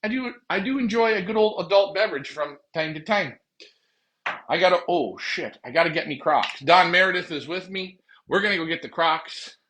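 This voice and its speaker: Joking, high-voiced pigeon fancier. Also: male voice, lively intonation, normal speed, sharp tone. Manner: joking, rambling, talks to viewers. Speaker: pigeon racing show host. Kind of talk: casual live-stream chat. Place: backyard pigeon loft, outdoors at night.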